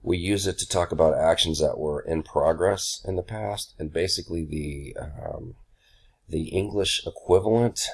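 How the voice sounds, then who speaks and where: Man, extremely low voice, young adult, laid-back teacher, lots of fillers. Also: slightly rough. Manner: relaxed, many ums and uhs, says y'all. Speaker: Spanish teacher. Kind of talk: casual recorded grammar lesson.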